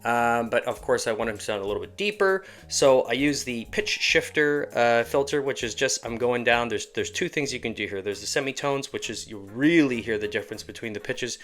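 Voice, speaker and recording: A man's voice: mid-range voice, a little fast, few pauses, a bit bright. A man, an animator and show creator, explaining his voice work in a casual, rambling tutorial. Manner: casual, rambling, self-deprecating. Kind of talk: tutorial walkthrough.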